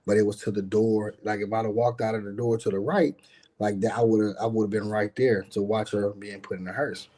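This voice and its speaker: A man's voice: fairly low pitch, level tone, brisk, warm tone. A middle-aged man, a guest on a live stream, telling a personal story in a casual, emphatic and profane way, often turning to speak straight to his listeners.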